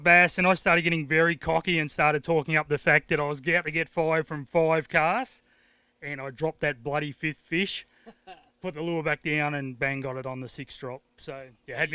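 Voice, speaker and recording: A man's voice: on the high side, pushed and bright, clean tone, dry recording. An Australian man, a winning angler, talking casually in an outdoor interview with laid-back, self-deprecating humour. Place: outdoors at a lakeside weigh-in.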